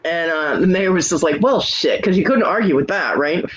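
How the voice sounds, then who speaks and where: A woman's voice: on the low side, fairly quick, low-quality recording. A woman in her forties hosting a casual chat, telling stories in a loose, chatty way and acting out the back-and-forth of conversations. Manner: chatty storyteller who acts out quoted exchanges. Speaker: host.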